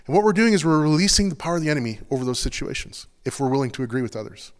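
A pastor giving an earnest, confessional sermon in a loose, conversational way, full of casual fillers. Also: male voice, mid-range voice, animated, racing, long reverb tail.

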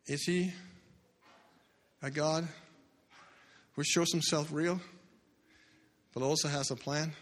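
A man preaching a sermon, telling a story with dramatic swings between loud bursts and hushed low lines. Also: steady tone, slow, pauses often. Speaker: pastor. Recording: long hall reverb.

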